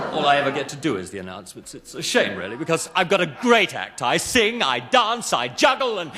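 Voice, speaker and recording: A man's voice: fairly high pitch, sing-song, normal speed, a crowd in the background. A man announcing a radio variety show, grand in tone with comic self-pity. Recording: 1970s radio broadcast with band music.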